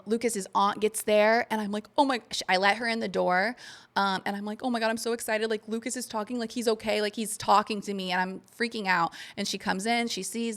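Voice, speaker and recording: A woman's voice: mid-range voice, vocal fry, fairly bright tone. A woman co-hosting a podcast, telling a long personal story in casual chat and swearing freely. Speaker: podcast co-host.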